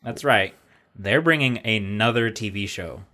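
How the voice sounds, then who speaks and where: A man's voice: fairly low pitch, a little slow, sharp tone. A man co-hosting a casual podcast, rambling and profane, laughing often. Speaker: podcast co-host.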